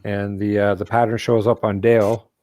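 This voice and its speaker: Low-voiced guy hosting a comic stream, laughs a lot, does little character quotes, dry close mic. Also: little pitch movement, moderate pace, darkish tone, dry recording. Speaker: host. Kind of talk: casual live-stream chat about comics.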